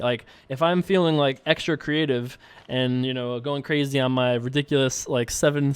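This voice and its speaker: A man's voice: medium pitch, clean tone, dry recording. A man casually commenting on his online poker hands and answering viewer emails, rambling and thinking aloud with a self-amused tone, from a room at home.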